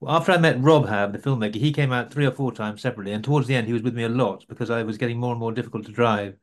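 A man's voice: medium pitch, rapid-fire. A man answering interview questions about his overland travels, rambling with frequent restarts.

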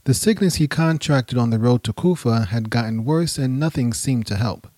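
A man narrating a history podcast in a measured, dramatic storytelling manner. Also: medium pitch, dark tone, no room sound.

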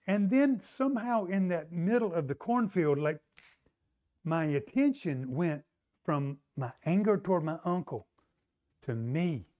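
Middle-aged man preaching, a high voice, lively and storytelling. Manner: animated storytelling, acts out the voices of the people he quotes. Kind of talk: sermon.

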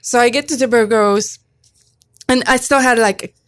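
A woman's voice: a little high, moderate pace, a bit bright, no room sound, clean studio sound. A woman in her fifties, an interview guest telling a personal story in conversation, earnest, often restarting and repeating herself. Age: 50s. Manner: earnest, with frequent restarts and repetitions.

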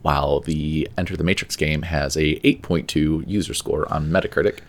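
A man's voice: very deep voice, fairly even intonation, normal speed. A man co-hosting a casual podcast chat, reading ratings off a list with dry asides and filler uhs. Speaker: podcast co-host.

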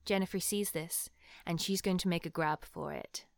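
A woman narrating calmly as game master of a tabletop game. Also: fairly low pitch, moderate pace, gravelly, no room sound, studio quality.

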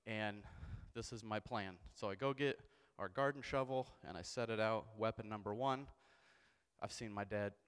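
Young guy preacher telling a goofy story, lowish voice, big echoey church hall. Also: moderate pace, clear, resonant tone. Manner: animated, self-mocking storyteller who keeps asking "okay?". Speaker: pastor. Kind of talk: storytelling sermon. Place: church sanctuary. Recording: long church hall reverb.

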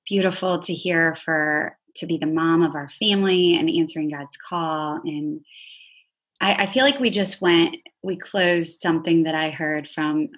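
A woman hosting a show, speaking in a gentle, appreciative and reflective way. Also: low-pitched, measured pace, husky. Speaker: podcast host. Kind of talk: casual chat.

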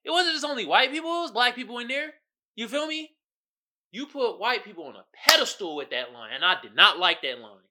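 A young man hosting a podcast, riffing in heavy slang, jumping between low mutters and loud outbursts and quoting others as he goes. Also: big pitch swings, fairly quick. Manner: heavy slang and fillers, quotes others in character. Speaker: podcast host. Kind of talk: casual commentary.

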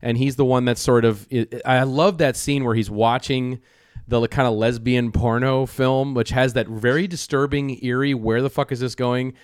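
A man's voice: medium pitch, moderate pace, clean tone, dry recording, clean studio sound. A man on a film podcast, talking animatedly and swearing casually. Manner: animated, profanity-laced, hesitant fillers.

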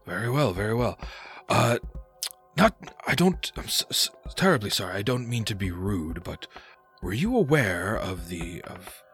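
A man voicing the genteel snail-man master of a manor in a tabletop game, speaking politely and formally with many pauses. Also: lowish voice, very animated, fairly bright tone, soft background music. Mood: curious.

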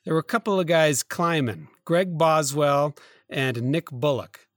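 Casual podcast co-host, male, slightly higher voice, rambling storyteller, dry close sound. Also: no echo. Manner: rambling, halting retelling with many fillers and self-corrections.

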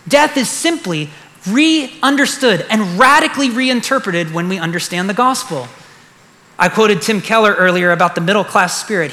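The long echo of a large hall surrounds a pastor whose voice sits high with a sharp edge. He preaches earnestly and emphatically, returning to key phrases to give them weight.

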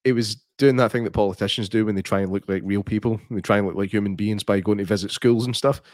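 A Scottish man co-hosting a podcast, trading wry, teasing remarks. His voice sits a little on the low side. It is recorded dry and close. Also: steady tone, quick pace, no echo. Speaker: podcast co-host. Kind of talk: casual chat.

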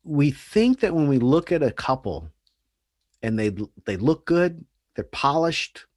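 Animated male storyteller, dry sound. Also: on the high side, measured pace, no room sound. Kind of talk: casual podcast chat, storytelling.

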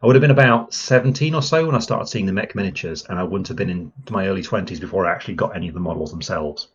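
Rapid-fire and husky, a low-voiced man rambles enthusiastically as a guest on a casual podcast, using many fillers. The audio sounds lo-fi.

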